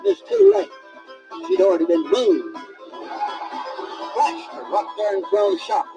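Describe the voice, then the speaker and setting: A man voicing an excitable country eyewitness who drawls and hollers his story over a record's music. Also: sits high, a little slow, heavily acted, poor audio. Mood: excited.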